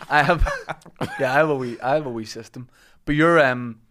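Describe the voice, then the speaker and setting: A man's voice: mid-range voice, moderate pace, sharp tone. A man co-hosting a podcast, chatting casually with wry asides. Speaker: podcast co-host. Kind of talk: casual chat.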